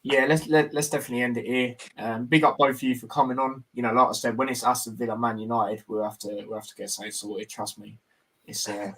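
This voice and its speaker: A man's voice: medium pitch, fairly even intonation, fast talker, fairly bright tone, low-quality recording. A young man hosting a football talk stream, laid-back and casual, leaning on fillers as he wraps things up. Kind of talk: casual chat. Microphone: phone on mobile data.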